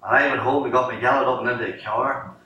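A middle-aged Northern Irish man tells his testimony from the pulpit, bright and forceful in tone, acting out each exchange as he goes. He sounds set back from the mic, his voice ringing through a very echoey church with a faint hiss underneath. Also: mid-range voice, fast talker, recorded from a distance, dull audio. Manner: animated storyteller acting out dialogue. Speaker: lay preacher giving testimony. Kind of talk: sermon testimony. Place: church sanctuary.

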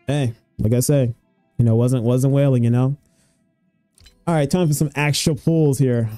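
A young man streaming his gacha pulls, excitable and swearing, pleading and groaning at each result. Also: medium pitch, measured pace, long pauses, no room sound, faint music behind. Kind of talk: gacha pull reaction stream.

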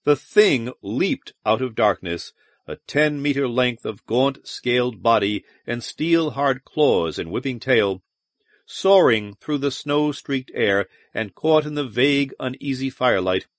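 A man narrating a science fiction audiobook in a measured, dramatic manner. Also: mid-range voice, animated, no echo, studio quality. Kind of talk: scripted narration.

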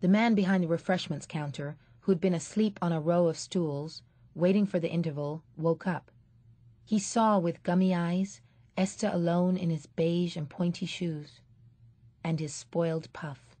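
A woman narrating an audiobook in a measured, steady storytelling manner. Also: on the low side, no room sound. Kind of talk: scripted narration.

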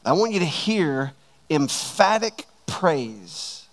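A man preaching a sermon to his church, slow and emphatic, stretching out key words. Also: fairly high pitch, expressive. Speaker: pastor.

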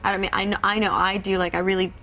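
A woman's voice: mid-range voice, little pitch movement, rapid-fire, bright, forceful tone, slight background noise. A young woman whose first language is Swedish, speaking American-sounding English in a TV studio interview, hesitant and full of restarts. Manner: hesitant, restarts sentences, many fillers. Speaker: musician guest. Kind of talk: casual interview chat.

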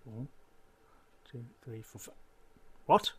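A man's voice: mid-range voice, takes it slowly, darkish tone, slightly rough. A man giving casual gameplay commentary as a channel host, muttering to himself and counting blocks under his breath.

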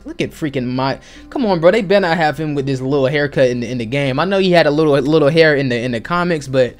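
A young man reads a comic aloud for his channel, breaking off into excited, slangy asides. His voice sits on the higher side for a man. Soft music plays quietly underneath. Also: fast talker. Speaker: gaming channel host reading a comic. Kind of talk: casual comic book reading.

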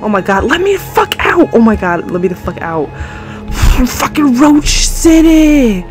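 A jumpy woman gamer narrates a horror game in let's play commentary, swearing nonstop and shrieking when startled. Her voice sits at a middling pitch and comes through her own desk mic. Faint music plays underneath. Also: big pitch swings, moderate pace, rough recording. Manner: panicky, swears constantly, yelps and shouts in fright. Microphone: own desk mic, moved back to avoid clipping.

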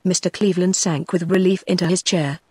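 A woman's synthetic voice with a British accent, narrating an audiobook in an even, mechanical delivery. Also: on the low side, fairly quick, slightly rough, no echo.

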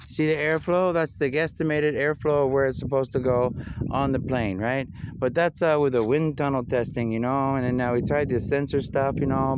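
A man's voice: medium pitch, background noise. A man talking in a rambling monologue over footage, drifting between topics with wordplay and filling his talk with "man" and "you know".

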